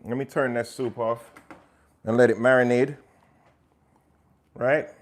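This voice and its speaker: A man's voice: mid-range voice, fairly even intonation, a little slow. A man hosting a live cooking stream, chatting to viewers while he cooks and slipping into patois now and then. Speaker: cooking show host. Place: home kitchen.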